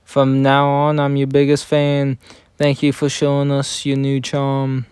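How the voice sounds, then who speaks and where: A man reading game story dialogue aloud in a plain, even manner, often stumbling over words and correcting himself. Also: medium pitch, a little slow, clear, resonant tone, dry recording, clean studio sound. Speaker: reader of game story scenes.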